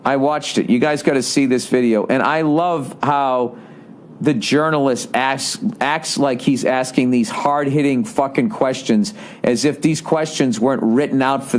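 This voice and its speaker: A man in his forties with a Boston accent, hosting a podcast in a rambling, profane, sarcastic comedic monologue, reading out listener emails with running commentary. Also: medium pitch. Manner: profane, sarcastic, animated ranting. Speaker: podcast host.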